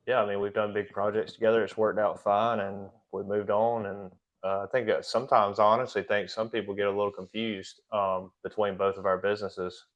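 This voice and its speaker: A man's voice: lowish voice, flat delivery, brisk, few pauses, dull audio. A man speaking as a guest in a casual podcast conversation about his business, plainspoken and easygoing. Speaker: guest, pressure washing business owner.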